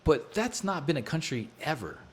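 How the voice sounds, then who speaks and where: A man's voice: a little high, big pitch swings, moderate pace. A man co-hosting a casual political talk show, blunt and outspoken, often stammering as he starts a point. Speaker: co-host.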